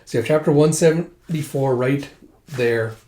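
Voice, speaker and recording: A man's voice: mid-range voice, moderate pace, dark tone, reverberant. A man casually retelling a comic chapter, loose and full of fillers. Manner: loose, filler-heavy storytelling. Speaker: comic reader.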